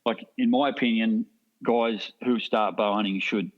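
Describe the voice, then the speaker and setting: A man's voice: on the low side, fairly even intonation, unhurried, narrow, tinny audio. A middle-aged Australian man chatting as a podcast guest, rambling through anecdotes and laughing often. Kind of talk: casual storytelling chat.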